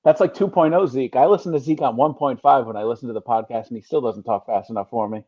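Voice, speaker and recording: A man joining a casual podcast chat over drinks as a guest, trading quick teasing banter. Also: medium pitch, no echo, highs cut off.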